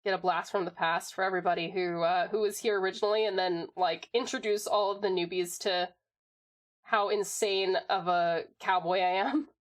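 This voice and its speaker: A woman's voice: medium pitch, fairly even intonation, normal speed. Woman, American accent, casual stream chat, chatty, frequent laughs. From United States. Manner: chatty, rambling, laughs often, answers chat. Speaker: livestreamer.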